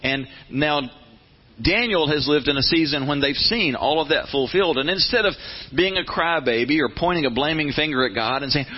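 Earnest American preacher on muffled radio. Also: male voice, a little high, normal speed, breathy edge. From United States. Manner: earnest, conversational, rising to animated emphasis. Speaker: pastor. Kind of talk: sermon with scripture reading.

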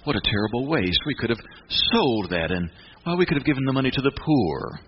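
A man's voice: mid-range voice, brisk, natural voice. A man voicing a greedy thief who hides his disappointment behind pious talk, in a sly, whining way. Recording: muffled with steady hiss.

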